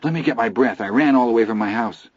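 A man voicing an excitable boy who is out of breath and bursting with news, in a dull lo-fi recording. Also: medium pitch, quick pace, husky, no echo, lightly acted. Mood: breathless.

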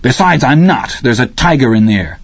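A man's voice: medium pitch, lively intonation, moderate pace, gravelly, breathy edge, dull audio, voice pushed up. Man doing a terrified little schoolboy. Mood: tearful. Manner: pleading, near tears.

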